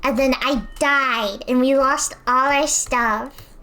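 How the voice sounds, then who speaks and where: A woman's voice: high-pitched, steady tone, slow pace, sharp tone, clear, resonant tone. A woman streamer chatting casually while she paints, rambling and self-deprecating.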